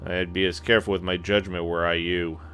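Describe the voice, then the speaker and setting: A man's voice: low-pitched, flat delivery, brisk, a bit bright, smooth. A man voicing a cocky young male mercenary in a fantasy game, brash and taunting.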